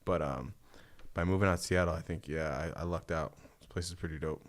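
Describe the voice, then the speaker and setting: A man from the East Coast speaks as a podcast guest in easy, reflective casual chat. His voice is very low and he talks in a laid-back way with casual slang. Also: brisk. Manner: relaxed, reflective, says dope and tight.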